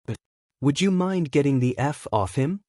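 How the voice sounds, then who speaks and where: A man voicing a blunt, sarcastic teenage boy who flatly defends his boyfriend in a deadpan way. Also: a little high, normal speed, no echo, clean studio sound, close to an everyday voice. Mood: deadpan anger.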